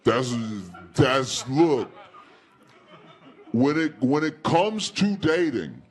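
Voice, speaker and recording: Slow, easygoing male stand-up comic. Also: a little high. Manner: animated storytelling, acts out dialogue in raised voices. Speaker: stand-up comedian. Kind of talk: stand-up comedy set.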